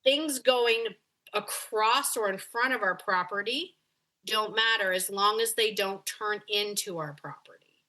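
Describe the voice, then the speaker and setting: A woman's voice: medium pitch, measured pace, sharp tone. A woman dog behavior coach on a coaching call, talking animatedly and acting out the voices of dogs and owners.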